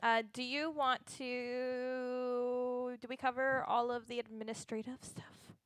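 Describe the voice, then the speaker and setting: A woman's voice: a little high, flat delivery, slow, clean tone, dry recording. A woman chatting casually with other players on a game stream.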